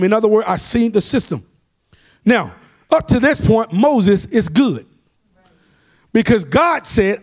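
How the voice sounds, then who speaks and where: A man preaches a Bible study as a pastor. His voice sits high, and he calls for amens while his delivery climbs into shouted, half-sung lines. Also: animated, a little slow, pauses often.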